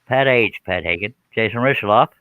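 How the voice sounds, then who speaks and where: A man's voice: fairly low pitch, fairly quick, bright, forceful tone, dry recording. A man hosting a casual woodworking live stream, joking and bantering in a folksy way.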